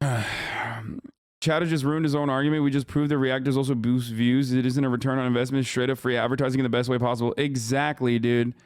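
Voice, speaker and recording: A man's voice: medium pitch, level tone, fairly quick, clean tone, dry recording. A man in his thirties streaming live, ranting and mocking his chat with lots of profanity, combative and sarcastic. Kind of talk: live stream reaction rant.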